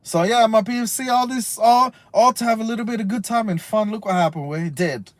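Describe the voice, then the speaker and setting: Guy with a high voice going off on a stream, swearing a lot, tossing in spanish slang, dry close sound. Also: brisk, no echo. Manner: profane, rambling, peppered with Spanish slang; swings between loud outbursts and low mutters. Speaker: livestreamer. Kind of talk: casual rambling livestream rant.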